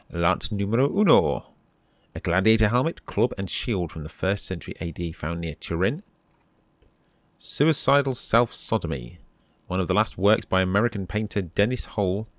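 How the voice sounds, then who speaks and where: Deep-voiced man reading game text. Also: dry recording. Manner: dry asides, reads on-screen text in a steady voice. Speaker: let's play host.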